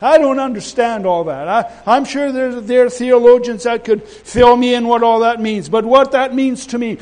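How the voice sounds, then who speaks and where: A man with a high-pitched voice preaches a sermon. He rambles in a folksy way, trips over his words and restarts, then swells into loud, emphatic declarations. His delivery mixes homely asides with bold exhortation. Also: moderate pace, hardly any pauses, poor audio.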